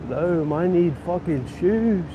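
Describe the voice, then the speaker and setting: A man puts on a drunk, belligerent bloke, who swears and makes slurred, rambling threats. He drags each phrase out slowly in a slightly raised voice. The street behind him is loud with traffic. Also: sits high, expressive, lo-fi sound. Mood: frustrated. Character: drunk, foul-mouthed, belligerent Australian bloke. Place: street outdoors. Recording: outdoor street traffic noise.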